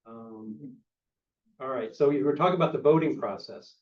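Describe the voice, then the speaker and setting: A man's voice: mid-range voice, normal speed, recorded from a distance. A man hosting a casual film discussion group, chatty, with many fillers and restarts, heard over a muffled video-call recording. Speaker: discussion host.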